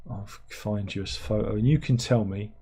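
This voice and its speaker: A middle-aged man hosts a loose, rambling livestream chat. He wanders from topic to topic and stops to read out viewer comments. His voice is dark and mellow, with a husky edge. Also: on the low side, moderate pace. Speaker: livestream host.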